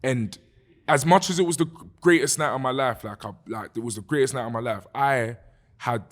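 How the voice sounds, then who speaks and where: Animated young London man telling a story. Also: medium pitch, brisk. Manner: animated, swears freely, says "bruv" often. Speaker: guest musician. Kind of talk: casual podcast storytelling.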